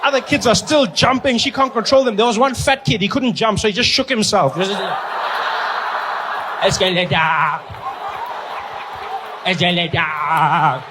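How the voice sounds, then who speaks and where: A man performing a stand-up comedy set, telling a story with animated delivery and put-on voices. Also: very high-pitched, fast talker, few pauses, background noise.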